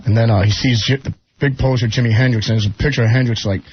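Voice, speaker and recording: A man telling rambling, animated anecdotes as a radio guest, often slipping into quoted voices. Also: medium pitch, rapid-fire, breathy edge. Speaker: guest musician. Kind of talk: casual storytelling on radio. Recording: muffled radio broadcast with faint hiss.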